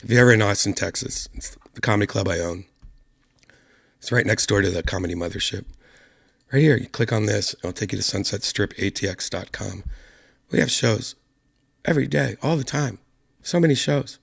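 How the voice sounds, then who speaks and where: A man hosting his own online show, hoarse from a lost voice and talking quietly and softly to spare it. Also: lowish voice, normal speed, long pauses. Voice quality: gravelly. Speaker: podcast host. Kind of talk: casual solo stream chat.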